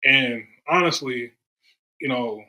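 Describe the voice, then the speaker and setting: A man's voice: medium pitch, takes it slowly, poor audio. A man from Durham, North Carolina, a podcast guest telling stories in casual chat and acting out the voices of the people he quotes. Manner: animated storyteller, acts out quoted voices.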